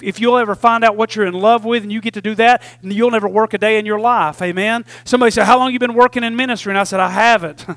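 A man's voice: high-pitched, fairly bright tone, no room sound. A man, preaching a sermon in a folksy call-and-response manner. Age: 40s. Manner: call-and-response preaching, repeatedly asking "Amen?"; folksy Southern phrasing with "y'all". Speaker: pastor.

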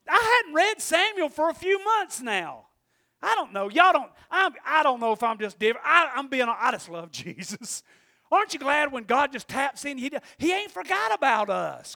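Preacher guy, real high voice, gets loud then goes quiet, all fired up. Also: moderate pace, gravelly, dry recording, clean studio sound. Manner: excitable, swings from loud shouting to hushed. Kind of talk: sermon.

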